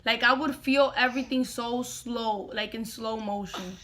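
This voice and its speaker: A young woman recounts a story to her followers in a casual vlog. Her voice sits high and sounds bright, and she talks in an animated way, dropping "bro" into her sentences. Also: measured pace. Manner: animated, slangy, says "bro" often. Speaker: vlogger.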